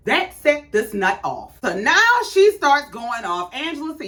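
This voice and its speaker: Brief: woman, reality recap host, lively, higher voice, blunt and cussing. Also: normal speed, hardly any pauses. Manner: sassy, blunt, profane storytelling. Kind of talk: casual reality show recap.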